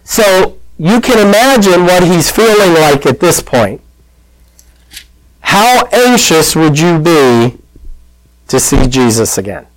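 A man preaching a sermon, telling the story with lively acted-out voices and asides to the congregation. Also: a little high, slow pace, no room sound, low-quality recording. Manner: animated storytelling, acting out quoted voices. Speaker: pastor.

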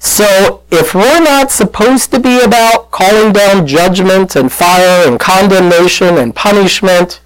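A man's voice: high-pitched, unhurried, few pauses, clean tone, dry recording, rough recording. A man preaching a sermon to his congregation, telling the story conversationally and calling out to the listeners. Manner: conversational, animated storytelling with audience call-outs. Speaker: pastor.

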